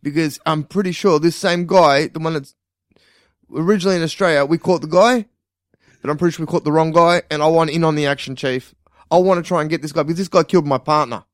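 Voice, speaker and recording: A man's voice: fairly high pitch, fast, no echo, clean studio sound, close to an everyday voice. A man playing an earnest male detective who keeps calling his boss "Chief" while begging to join a case. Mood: pleading. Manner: repeats "Chief" after every line.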